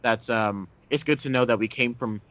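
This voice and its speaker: A man's voice: mid-range voice, moderate pace, fairly bright tone, no room sound, highs cut off. A man co-hosting a casual movie review podcast, rambling and hesitant with lots of fillers. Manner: rambling, hesitant with many fillers, laughs often. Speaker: podcast co-host.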